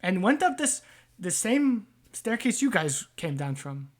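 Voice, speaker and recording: A man voicing a twitchy sewer-dwelling man who squeaks and babbles loudly in a tabletop game. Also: very animated, exaggerated voice. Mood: chattering. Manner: high, loud, rapid babble.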